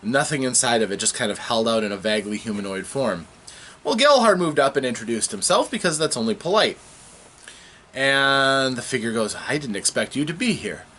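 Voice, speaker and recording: A man retells his latest tabletop game session in a casual recap. His pitch swings widely as he tells the story, and he often stops and restarts his sentences. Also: slight background noise. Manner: animated storytelling with halting restarts.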